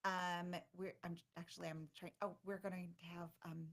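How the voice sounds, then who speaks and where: A woman co-hosting a livestream, chatting excitedly with many fillers and restarts. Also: on the low side, moderate pace. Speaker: conference organizer and co-host. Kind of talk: casual livestream chat.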